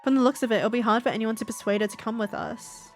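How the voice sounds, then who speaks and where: A woman streamer who is a little sick and stuffy reads game dialogue aloud dramatically during a playthrough, breaking off into casual asides with laughter. She talks fast in a fairly high, steady voice, with faint music behind her.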